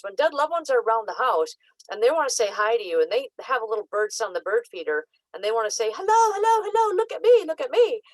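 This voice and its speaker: A woman psychic coach talking casually to camera, teaching with lots of "like" and "um" and lively acted-out asides. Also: lowish voice, no room sound, rough recording.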